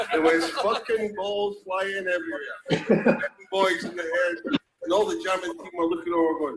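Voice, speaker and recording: A man's voice: high-pitched, expressive, moderate pace, noisy background. An older man in his sixties with a Scottish accent telling a rowdy, swearing, laughing football story from an archive clip. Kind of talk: story told on archive video. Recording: music playing behind.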